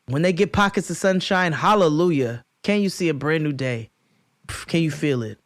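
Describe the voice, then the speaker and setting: A woman co-hosting a podcast, telling an animated story in casual chat, laughing often and swearing freely. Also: low voice, moderate pace, no room sound, clean studio sound. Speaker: podcast co-host.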